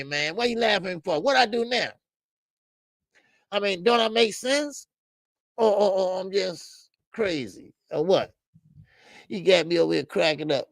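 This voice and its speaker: Gravelly boxing host, older man. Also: no echo. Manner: animated, repetitive fillers, rises in pitch when protesting. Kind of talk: casual live-stream commentary, reacting to chat.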